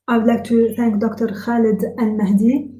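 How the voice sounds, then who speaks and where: A woman interpreting a webinar live, in a halting delivery full of filler sounds and restarts. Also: a little high, level tone, mellow, reverberant, poor audio. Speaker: simultaneous interpreter.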